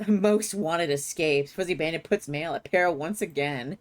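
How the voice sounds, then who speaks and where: A woman's voice: deep voice, measured pace. A woman streaming a story game live, reacting casually with frequent swearing and laughter. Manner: expressive, swears often, laughs readily. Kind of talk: casual live gameplay commentary.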